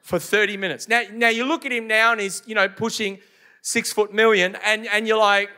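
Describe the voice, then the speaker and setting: A man's voice: high-pitched, steady tone, moderate pace, pushed and bright. A middle-aged man preaching a sermon to a congregation, emphatic and repetitive, with rhetorical questions. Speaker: pastor. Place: church service before a congregation.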